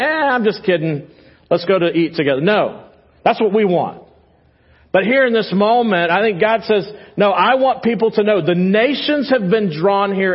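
Texan man preaching in church; high, husky delivery, lively with soft emphatic drops. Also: muffled recording. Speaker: pastor. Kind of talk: sermon. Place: church sanctuary.

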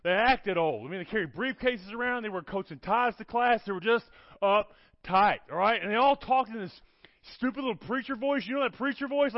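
Fairly quick and pitched high, a man preaches as a guest, telling stories and checking in animatedly with "okay? all right?". The sound is dull and lo-fi, dry and echo-free.

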